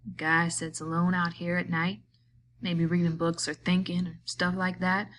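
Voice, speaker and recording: A bitter, lonely man who goads and then broods in a slow, drawling rural way, as a woman puts him on for a storybook reading. The voice sits a little low, and faint noise hums under it. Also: little pitch movement, a bit bright, natural voice. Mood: brooding.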